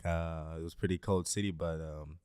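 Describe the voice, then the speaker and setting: Deep, smooth young man, laid-back. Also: fairly even intonation, moderate pace, a little mellow, dry recording, studio quality. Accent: American. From Greece. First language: Greek. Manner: laid-back, many fillers like "um" and "like". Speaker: guest, basketball player. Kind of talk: casual interview chat.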